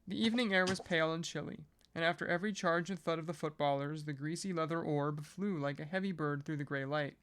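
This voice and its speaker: A podcast reader reading a novel aloud at a measured pace, breaking off now and then for casual joking asides. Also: medium pitch, fairly bright tone, slight background noise.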